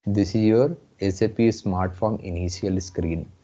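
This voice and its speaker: A man with an Indian English accent teaching a live online class, slowly repeating his phrases. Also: sits low, steady tone, warm tone. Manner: slow, repeats phrases often. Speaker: instructor. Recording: muffled lo-fi audio.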